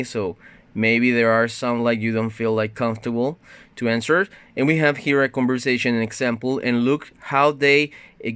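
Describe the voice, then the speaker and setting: A man teaches English in a recorded online lesson, guiding students patiently through each exercise. He often ends sentences with a questioning "no?" and reads textbook dialogues with livelier intonation. His voice sits at an ordinary pitch in a dry recording with almost no room sound. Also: a bit bright, clear, resonant tone, no room sound. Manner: explains step by step, often adds a questioning "no?".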